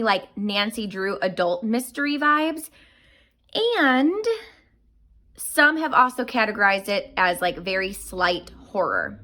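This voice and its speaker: Bright, gushing young woman reviewer. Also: mid-range voice. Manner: gushing, enthusiastic, exclamatory. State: out of breath. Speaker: book reviewer. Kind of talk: casual book review.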